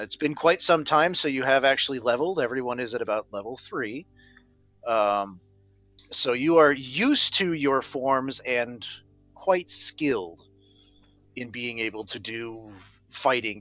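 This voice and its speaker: A man's voice: mid-range voice, measured pace, sharp tone, no room sound, lo-fi sound, faint music behind. Easygoing male game master. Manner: easygoing, filler-heavy scene-setting. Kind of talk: narrating a tabletop game.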